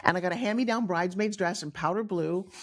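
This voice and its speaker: A middle-aged woman from New York with a New York accent, telling her own life story on a podcast in an animated way, acting out the people she quotes. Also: on the low side, fast. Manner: animated, acts out quoted voices, frequent restarts. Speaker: guest storyteller.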